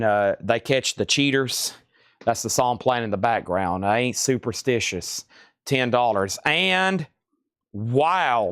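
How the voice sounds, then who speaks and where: A man hosting a live online vinyl record sale, calling out titles, prices and bids in quick patter. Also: medium pitch, fairly bright tone, clear, resonant tone, dry recording, studio quality. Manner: rapid-fire auctioneer patter, hums tunes. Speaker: host. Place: record shop.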